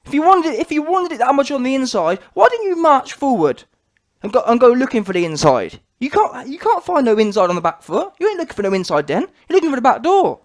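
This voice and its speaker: A man with a high voice rants emphatically about a fight, hammering his points with rhetorical questions and repetition. It is a one-man opinion piece from a channel host. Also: sing-song, quick pace. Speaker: boxing commentator on his own channel. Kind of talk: opinionated reaction rant.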